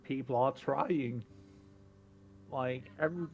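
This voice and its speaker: A man narrating as game master, slow and hesitant with many fillers. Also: medium pitch, dull audio, slight background noise.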